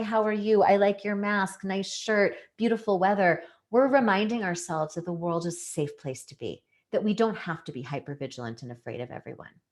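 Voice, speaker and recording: Leaning on key words for emphasis, a female presenter earnestly explains material in an educational talk, her voice on the low side with a darkish tone.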